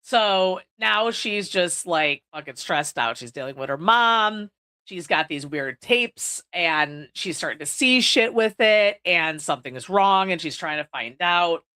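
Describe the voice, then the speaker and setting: A woman's voice: fairly low pitch, expressive, unhurried, pushed and bright, smooth. Casual, foul-mouthed woman podcast host. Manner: casual, swears freely, leans on "like". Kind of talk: casual horror movie review. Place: indoors, recording on video.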